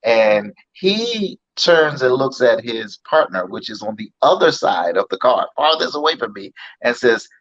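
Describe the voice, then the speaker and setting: A man telling a story in casual chat, animated and acting out the voices of others. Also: medium pitch, a little slow, hardly any pauses. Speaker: podcast host. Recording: dull, slightly lo-fi sound.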